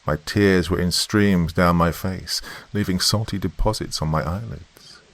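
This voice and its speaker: Very deep gravelly male horror narrator. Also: a little slow. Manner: tense, dramatic storytelling. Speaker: horror podcast host and narrator. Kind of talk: first-person horror story narration.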